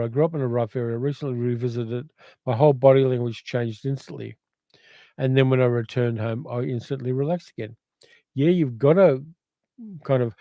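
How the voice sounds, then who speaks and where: Older Australian man, dark mellow voice. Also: medium pitch, dry recording. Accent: educated Australian. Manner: reflective, rambling, reads comments aloud. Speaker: livestream host. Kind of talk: casual livestream chat reading viewer comments.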